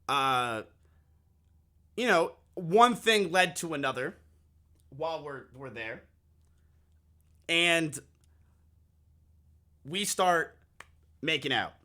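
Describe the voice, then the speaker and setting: A man with a bright, slightly high voice tells a long story to his live stream chat. He is animated and swears freely, acting out each side of the dialogue. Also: slow, pauses often.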